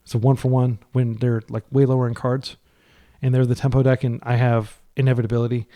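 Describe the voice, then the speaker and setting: A man giving casual, running commentary while playing an online card game. He gets excitable, pleads with his deck, and his voice jumps up when he is frustrated. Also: mid-range voice, brisk. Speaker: card game player and channel host.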